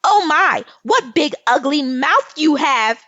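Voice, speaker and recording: A woman's voice: animated, normal speed, no room sound, muffled recording, exaggerated voice. A woman playing a witty, teasing little girl. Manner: high, bright, loud exclamations.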